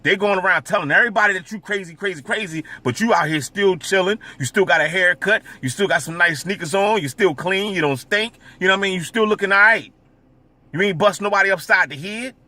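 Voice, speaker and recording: A man's voice: high-pitched, brisk, sharp tone. A man vlogging in a casual, rambling monologue, with stammering repeats and constant filler asides.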